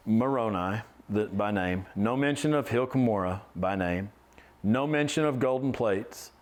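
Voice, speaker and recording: Man, interview guest, halting, repeats words, casual. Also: on the low side.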